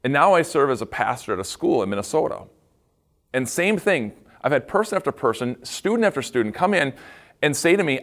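A man's voice: mid-range voice, very animated, fairly quick, a bit bright. A middle-aged man, a school pastor, gives a devotional talk to students and acts out the quotes as he tells the story.

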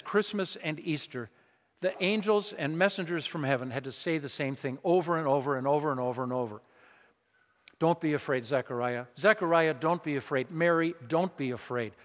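A man's voice: fairly high pitch, fairly bright tone. A man preaching a sermon in a conversational, emphatic way, asking his congregation rhetorical questions. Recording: long reverb of a large hall.

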